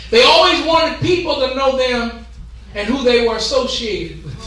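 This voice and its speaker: A high-voiced, bright-toned man preaches a Pentecostal sermon, punctuating his phrases with gasped "huh"s and stretching out his words as he shouts. His voice carries through a very echoey church sanctuary, picked up from a distance. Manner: call-and-response preaching with rhythmic "huh" gasps; shouting and drawing out key words.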